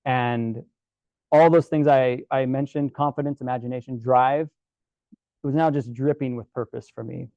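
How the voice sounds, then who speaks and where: A man giving a casual storytelling presentation to a club, relaxed and chatty with many fillers and restarts. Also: medium pitch, normal speed, no echo, muffled recording. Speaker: guest presenter at a camera club.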